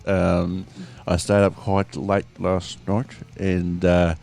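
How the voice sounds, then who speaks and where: A man's voice: low-pitched, monotone, takes it slowly, vocal fry, darkish tone. A man with an Australian accent co-hosting a podcast, laid-back and sweary, laughing often. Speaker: podcast co-host. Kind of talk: casual crude banter.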